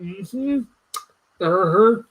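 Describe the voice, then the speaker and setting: A man's voice: high voice, very slow, narrow, tinny audio, crowd noise. A young adult man hosting a casual podcast chat, telling stories and mimicking voices. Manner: storytelling, animated mimicking voices. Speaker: podcast host.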